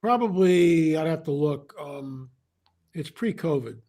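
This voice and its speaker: A man as an interview guest, telling a story in an animated way, often restarting his sentences. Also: a little high, measured pace. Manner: animated, re-enacts dialogue, frequent restarts.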